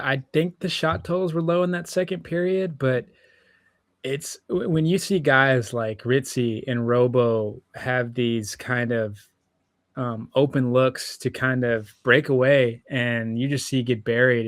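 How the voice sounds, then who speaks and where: A man's voice: medium pitch, fairly even intonation, unhurried, no room sound, clean studio sound. A young man co-hosting a sports podcast, talking casually and hesitantly with many fillers. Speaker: podcast co-host.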